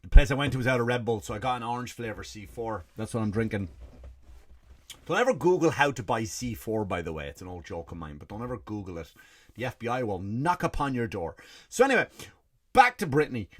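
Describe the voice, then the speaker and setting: A man's voice: medium pitch, big pitch swings, a little fast. A middle-aged Irish man, his accent partly Americanized, doing a blunt, profane comedy rant as a podcast host and often restarting his sentences. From Ireland. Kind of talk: ranting comedy monologue.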